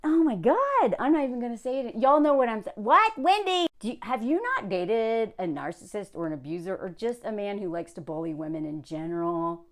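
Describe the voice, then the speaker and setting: A woman's voice: mid-range voice, sing-song, a little fast, few pauses. A woman vlogger reads an advice column aloud and reacts in an exasperated, sarcastic way, talking straight to the writer. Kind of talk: casual commentary reading aloud.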